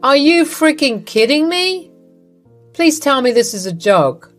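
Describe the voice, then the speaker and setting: A woman's voice: high-pitched, sing-song, measured pace, faint music behind, voice pushed up. A woman voicing an adult husband caught between his wife and his mother, speaking in an exasperated, questioning way.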